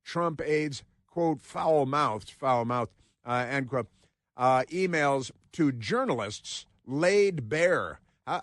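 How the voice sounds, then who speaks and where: A man's voice: medium pitch, no room sound, studio quality. A man hosting a talk radio show, rambling sardonically between headlines he reads aloud.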